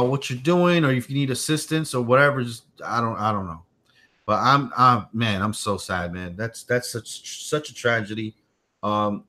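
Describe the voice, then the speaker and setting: A man chatting casually on a home livestream, his voice sitting at an ordinary middle pitch. He rambles, circles back over the same points and keeps turning aside to coax his little boy. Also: pushed and bright. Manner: rambling, repeats himself, talks to his small son on stream. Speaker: tech channel host.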